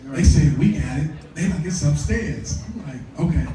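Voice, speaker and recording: A man hosting a live podcast, talking in a slangy, excitable, rambling way. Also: fairly high pitch, moderate pace, music in the background. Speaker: podcast host. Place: live podcast event before an audience. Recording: roomy venue, distant mic.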